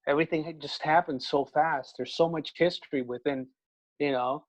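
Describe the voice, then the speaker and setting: A man's voice: a little high, steady tone, poor audio. Eager man hosting a fan talk show. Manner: enthusiastic, quick to laugh. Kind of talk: casual interview chat.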